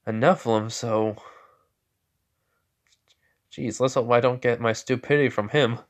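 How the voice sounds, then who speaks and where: A man's voice: mid-range voice, steady tone, measured pace, lightly acted. A man voicing a brash young male hero in a casual retelling, speaking blunt and boastful.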